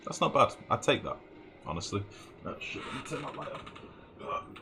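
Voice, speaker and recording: A let's play host offers casual commentary on his gameplay, thinking out loud, muttering numbers, and swearing occasionally. His medium-pitched voice swings widely in pitch at a moderate pace, with background noise and game music running underneath.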